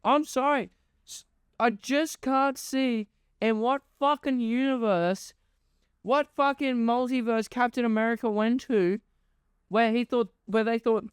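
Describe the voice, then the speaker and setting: Young male host, exasperated sarcastic monologue, clean crisp delivery, dry booth sound. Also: high voice, measured pace, no room sound. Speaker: podcast host. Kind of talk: ranting monologue.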